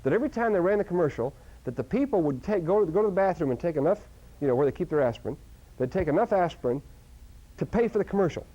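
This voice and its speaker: A man lecturing a live seminar audience in an animated way, jumping into sudden loud bursts and stumbling over restarts. His voice is dark and mellow, at an ordinary pitch. The sound is a dull, lo-fi recording. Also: fast talker. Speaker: seminar speaker.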